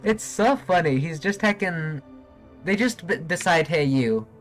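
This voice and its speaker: Young male game streamer, bit high-pitched, bubbly and giggly, faint game music underneath. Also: a little slow. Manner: excitable, giggly, chatting with viewers. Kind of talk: live gameplay commentary.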